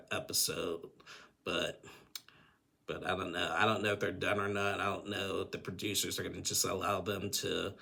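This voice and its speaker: A man's voice: low voice, gravelly, a bit bright. A man hosting a casual recap of a reality TV episode for his channel, chatty, often acting out what the people said. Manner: chatty, acts out the couple's lines in quoted voices. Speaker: YouTube recap host.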